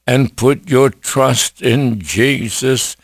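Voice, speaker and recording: A man preaching an evangelistic sermon, slow and emphatic, with many rhetorical questions. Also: mid-range voice, husky, dry recording, clean studio sound.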